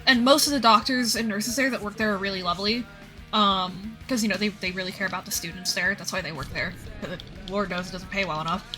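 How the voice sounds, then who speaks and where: A woman's voice: mid-range voice, steady tone, fast, music in the background. A woman in her twenties streaming, telling stories in a casual chat, acting out the people she quotes and sounding out of breath. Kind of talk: casual chat while gaming.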